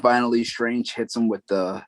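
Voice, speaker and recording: Against a noisy background, a male podcast co-host with a mid-range voice talks at a moderate pace and fairly even intonation. He chats casually, retelling a story in a rambling way with lots of fillers and tangents.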